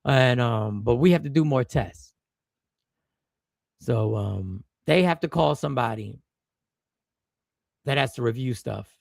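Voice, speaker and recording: A man's voice: medium pitch, lively intonation, unhurried, gravelly, long pauses, a little mellow, dry recording, clean studio sound. A man, a stand-up comedian, telling a personal story to viewers in a loose, rambling way with slang and restarts. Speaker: stand-up comedian and stream host.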